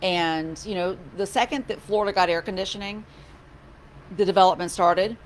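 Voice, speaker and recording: A woman, a county commissioner, chatting casually in her office hours, animated, a little sarcastic, often restarting her sentences. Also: medium pitch, normal speed, slight background noise. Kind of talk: casual chat.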